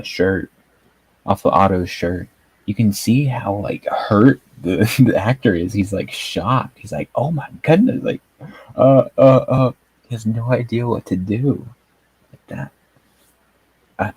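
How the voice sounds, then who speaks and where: A man's voice: lowish voice, a little mellow, slightly rough, no echo, rough recording. A man chatting casually as he reviews a TV episode, rambling with lots of fillers and frequent chuckles. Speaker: TV show reviewer. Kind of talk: casual video review chat.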